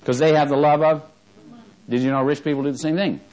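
A man's voice: fairly even intonation, fast, poor audio. Male preacher in the pulpit, fervent, call-and-response questioning. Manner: swings from fervent rising emphasis to low quiet asides, asks the congregation questions. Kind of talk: sermon.

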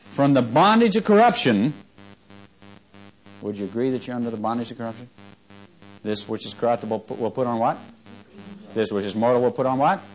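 A man preaching a Bible-teaching sermon, reading scripture with loud, rising emphasis and quizzing his listeners. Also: medium pitch, fairly even intonation, fast, long pauses, soft background music, poor audio.

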